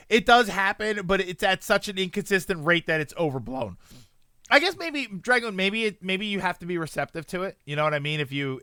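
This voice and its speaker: A man's voice: on the high side, bright, forceful tone, clean tone, no echo, clean studio sound. A man streaming live, chatting casually and rambling as he answers his chat and corrects himself often.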